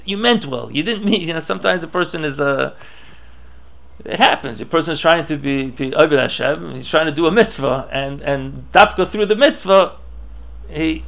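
Reading Hebrew and Aramaic passages aloud, a Torah teacher explains them in English as he thinks aloud and restarts himself. His voice is a little high, gravelly, and a bit bright.

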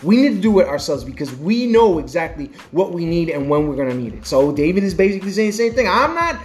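A man's voice: high voice, sing-song, fast talker, soft background music. A man giving a conversational sermon with passion and lots of repeated phrases. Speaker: preacher. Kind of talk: casual sermon.

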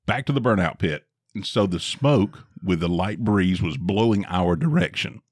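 A middle-aged man co-hosting a podcast, telling a story in a dry, drawn-out way with wry emphasis. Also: deep voice, expressive, slightly rough, no room sound. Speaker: podcast co-host. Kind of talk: casual storytelling chat.

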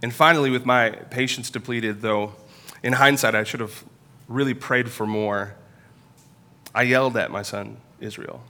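A man's voice: mid-range voice, steady tone, bright, forceful tone. Earnest pastor man preaching a sermon. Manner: earnest, confessional storytelling with pauses. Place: church.

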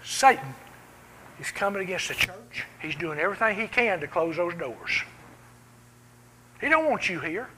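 A man preaching a sermon in a church, swinging from loud cries down to hushed, quiet lines. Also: high voice, very animated, moderate pace, pauses often, a little hiss or hum, poor audio.

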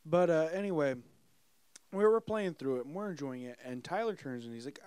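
Hoarse podcast guy, kinda high voice, animated, curses a lot, dry sound. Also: fairly quick, no echo. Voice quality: animated, swears freely. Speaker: podcast host. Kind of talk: casual chat.

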